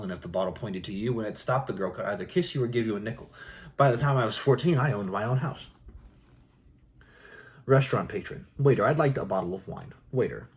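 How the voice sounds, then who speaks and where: Man reading jokes in soft ASMR style. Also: lowish voice. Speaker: joke reader.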